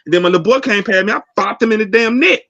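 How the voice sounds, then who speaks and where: Male co-host, high pitch, fired-up and profane, muffled lo-fi sound. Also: rapid-fire, a bit bright, no echo. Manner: profane, fired-up, repetitive restarts. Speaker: podcast co-host. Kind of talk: casual barbershop chat. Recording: dull lo-fi sound.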